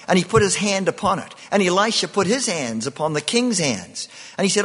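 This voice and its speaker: A man's voice: high-pitched, lively intonation, fairly quick, hardly any pauses, a bit bright, breathy edge, in a large hall. A man preaching a sermon, often repeating himself and restarting phrases.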